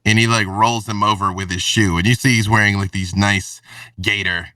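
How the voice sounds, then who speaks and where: A man's voice: lowish voice, fairly even intonation, moderate pace, pushed and bright, no room sound, recorded from a distance. A man narrating a tabletop role-playing game as game master, slipping into menacing villain voices.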